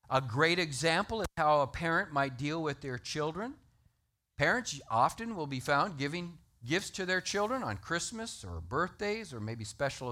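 A man delivers a sermon in a fairly high voice that rises and falls with animated emphasis. His tone is bright and forceful as he cites chapter and verse. He preaches with the steady energy of a pastor working through his points.

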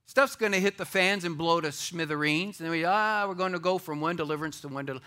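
A man preaching a sermon to a church audience, swinging between loud declarations and hushed asides. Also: on the high side, fast. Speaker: pastor.

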